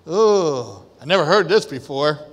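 Impassioned high-voiced preacher in a reverberant hall. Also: male voice, animated, measured pace. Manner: impassioned, swinging from quiet to shouting. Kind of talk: sermon.

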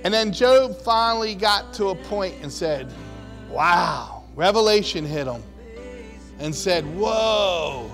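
A male preacher delivers a sermon in a conversational, storytelling way, leaning on emphasis. His voice sits high and he speaks slowly. Soft music runs underneath. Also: animated.

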